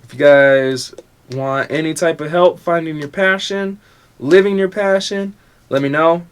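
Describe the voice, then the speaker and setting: A man's voice: on the high side, unhurried, clean tone. A young adult man hosting a motivational podcast in a casual, profane, confrontational rant. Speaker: podcast host.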